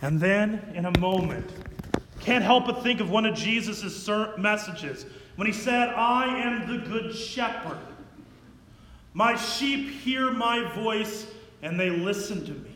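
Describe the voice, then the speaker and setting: A man's voice: sits high, expressive, takes it slowly, a bit bright, slight background noise. A man preaching a sermon, retelling a scripture story in a conversational, dramatic way with asides to the listeners. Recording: echoey hall.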